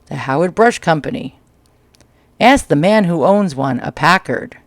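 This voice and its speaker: A man's voice: a little high, expressive, a little slow, no echo. A man with a New York accent casually reading old magazine ads aloud with crude, joking asides, recorded at home. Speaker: vlog host. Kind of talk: casual read-through commentary. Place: small home. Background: dryer tapping.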